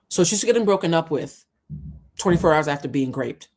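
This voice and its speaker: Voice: mid-range voice, animated, brisk, a little mellow. A vlogger retelling events in a heated, indignant commentary, acting out quotes along the way. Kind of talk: commentary storytelling.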